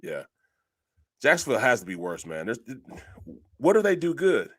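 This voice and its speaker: A man's voice: mid-range voice, sing-song, moderate pace, husky. A middle-aged man co-hosting a casual sports talk show, laughing often and calling people bro and man. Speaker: co-host.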